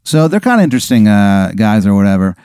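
A male podcast host telling an improvised comedic story, animated and full of fillers and swearing. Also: on the low side, fast talker, clear, resonant tone, no room sound, studio quality.

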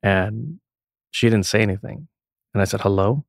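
A man, a guest musician, telling a story in casual chat, animated and acting out what others said. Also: on the low side, normal speed, gravelly, no echo, clean studio sound. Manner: animated, acts out quoted people, swears casually.

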